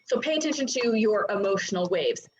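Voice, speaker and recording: A woman in her thirties coaching a live online class, chatty and animated, with many fillers. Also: mid-range voice, a little fast. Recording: dull lo-fi sound.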